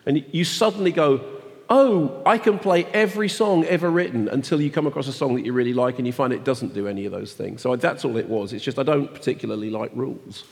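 A man in his sixties co-hosting a podcast, quick, playful and self-mocking in casual chat. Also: medium pitch, creaky, a little mellow, in a large hall. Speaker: podcast co-host.

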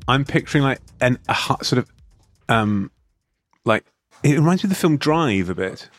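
A man's voice: mid-range voice, lively intonation, moderate pace, no room sound, soft background music. A man co-hosting a casual podcast, riffing and rambling through jokes with lots of fillers. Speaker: podcast co-host. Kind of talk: casual chat.

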